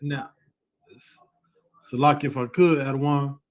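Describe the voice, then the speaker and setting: A man's voice: mid-range voice, level tone, unhurried. A man with a mid-range voice joins an online scripture class over a video call. He backs the teacher with repeated affirmations and reads verses aloud. He talks loosely, with plenty of fillers. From United States.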